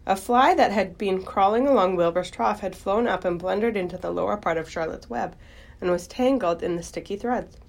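A woman reading a children's book aloud in a gentle, expressive storytelling voice. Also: medium pitch, normal speed, gravelly.

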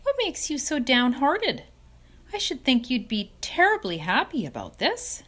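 An innocent, eager young pig, voiced by a woman reading a storybook aloud. His voice sits high and bounces with wonder. Every question comes out bright and hopeful. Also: huge pitch swings, a little slow, full character voice.

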